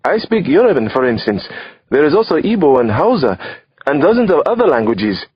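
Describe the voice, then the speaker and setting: A proud young Nigerian man, voiced by a male narrator speaks in a measured, correcting way with a Nigerian accent. His pitch sits a little high and moves a lot, with a husky edge. The storybook audio is dry and a bit muffled, as if the voice is slightly off the mic. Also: big pitch swings, no echo. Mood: indignant.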